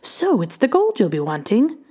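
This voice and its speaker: A woman voicing a tiny, mischievous male leprechaun with a high, shrill voice in a storybook reading. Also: huge pitch swings, moderate pace, dark tone, breathy edge, exaggerated voice. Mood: sly.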